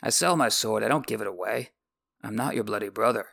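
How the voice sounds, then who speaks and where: A man's voice: on the low side, fairly quick, creaky, fairly bright tone. A man voicing a blunt, mercenary male sellsword who talks in a mocking, no-nonsense way.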